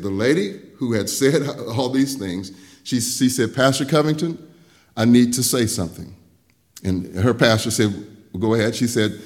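An older man preaching a sermon, telling personal stories, dropping soft and low for quoted talk and rising loud when he preaches. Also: lively intonation, normal speed. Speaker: pastor.

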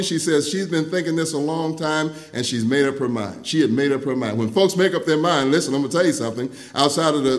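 A middle-aged male pastor preaching a sermon, telling stories in a folksy way, laughing between lines and swinging from loud to hushed. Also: high-pitched. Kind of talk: sermon with storytelling.

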